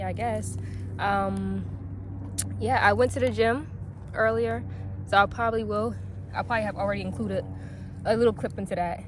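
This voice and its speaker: Woman, 20s, casual vlog chat, rambling with fillers, mid-pitched voice, outdoors in a park, phone mic. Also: noisy background. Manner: rambling and chatty, full of fillers, addresses viewers as "y'all". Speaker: vlogger. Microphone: phone camera.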